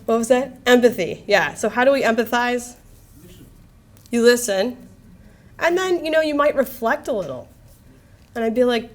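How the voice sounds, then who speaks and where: A woman's voice: a little high, moderate pace, long pauses. Casual, slangy woman doctor lecturing. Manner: casual, candid and lively, with slang. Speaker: palliative care physician. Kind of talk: medical lecture.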